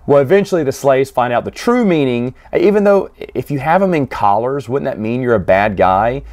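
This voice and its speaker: A man's voice: mid-range voice, animated, a little mellow. Man, casual solo comic reviewer, rambling, chatty delivery. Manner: chatty, rambling, frequent restarts and quick acted quotes.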